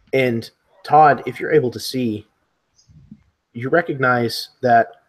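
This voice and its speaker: Slow husky male game master. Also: mid-range voice. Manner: slow, descriptive, hesitant. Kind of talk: narrating a tabletop horror game.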